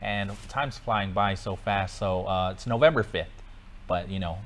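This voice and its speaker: A man's voice: low-pitched, unhurried, a bit bright, a little hiss or hum. A young man guest in a studio interview, friendly and agreeable, laughing easily. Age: young adult. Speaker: guest, public broadcaster staff. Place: radio or TV studio.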